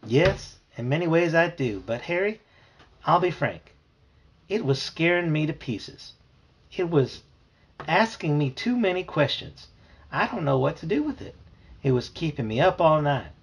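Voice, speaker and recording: A man reading aloud and voicing a polite, gentle grandmotherly retired teacher with a husky voice. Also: fairly high pitch, sing-song, unhurried, voice pushed up, exaggerated voice. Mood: confiding, worried. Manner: gentle, fussy, hospitable.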